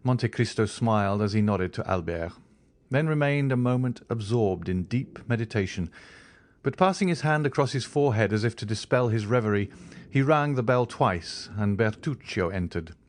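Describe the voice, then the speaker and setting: Male audiobook narrator, low and lively. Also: moderate pace. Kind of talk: scripted narration of a classic novel.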